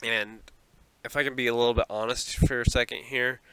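A man's voice: medium pitch, little pitch movement, a little fast, sharp tone, smooth, no echo, poor audio. A man hosting a solo podcast from a small closet, rambling and self-deprecating and often laughing at himself. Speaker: podcast host.

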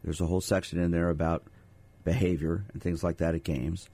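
A man's voice: deep voice, little pitch movement, brisk, warm tone. A middle-aged man hosting a radio talk show as a sports psychologist, telling stories and asking the audience rhetorical questions. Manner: storytelling, conversational, rhetorical questions. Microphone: studio microphone. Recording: dry studio sound.

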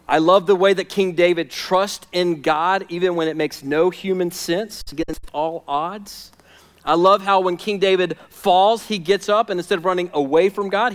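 A man preaching a sermon as pastor, emphatic and conversational, swinging between loud outbursts and hushed, intimate stretches. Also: high voice. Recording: long hall reverb.

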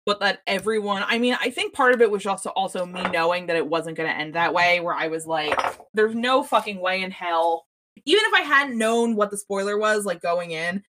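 A woman's voice: medium pitch, lively intonation, brisk, background noise. A woman co-hosting a TV recap podcast, ranting with profanity and many restarts in casual chat. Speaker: podcast co-host.

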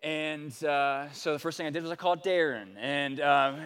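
A male pastor preaching a sermon, telling a personal story with animated delivery and sudden swings between loud and quiet. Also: a little high, moderate pace, hardly any pauses, clear, resonant tone. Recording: long hall reverb.

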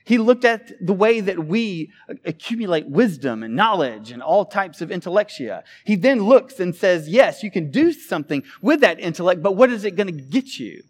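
A man preaching a sermon, animated, with big swings between loud emphasis and quiet asides. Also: high voice, moderate pace. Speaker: pastor.

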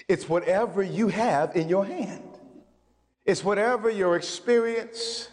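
Male pastor, sermon, high voice, energetic and chatty, long hall reverb. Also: a little slow. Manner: energetic and conversational, with colloquial asides.

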